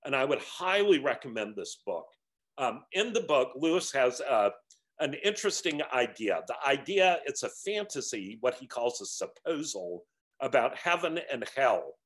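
An earnest man reads from a book and comments on it. His pitch moves freely, and he sounds reflective. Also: big pitch swings, normal speed, a bit bright. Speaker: teacher of a book discussion series.

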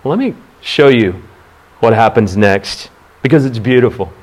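A man preaching a sermon, asking the listeners questions and reading scripture aloud in an animated way. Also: medium pitch, moderate pace. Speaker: pastor.

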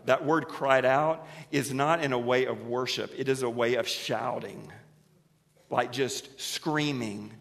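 A man preaching a sermon to his congregation, moving between quiet, low passages and loud, emphatic ones, asking them questions and having them repeat words back to him. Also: unhurried. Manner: animated preaching that swings from hushed to emphatic. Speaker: pastor. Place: church sanctuary. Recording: long hall reverb.

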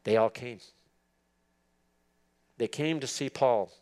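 A man's voice: mid-range voice, slow, a little mellow. Earnest man preaching an emphatic sermon. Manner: earnest, emphatic, repeats words for stress. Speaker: preacher teaching church leaders. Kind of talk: expository sermon.

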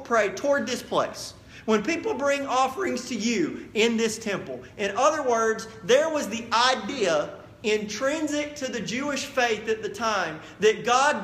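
A man preaching as the pastor of a church, earnest and direct, dropping quiet then building to emphatic appeals. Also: extremely high pitch. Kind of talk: sermon. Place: church sanctuary.

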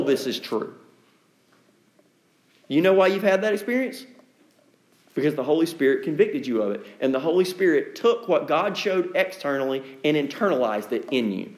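High-voiced preacher man in an echoey room. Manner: conversational, emphatic preaching with acted-out quotes. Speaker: pastor. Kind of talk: sermon.

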